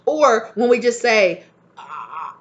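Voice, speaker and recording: A woman's voice: fairly high pitch, big pitch swings, takes it slowly, highs cut off. A young adult woman, a tarot reader, talking casually to camera in a heated, passionate rant with swearing.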